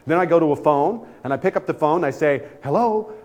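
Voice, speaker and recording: A man telling a comic anecdote aloud in an animated way and acting out the voices of the people in his story. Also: on the high side, fast talker.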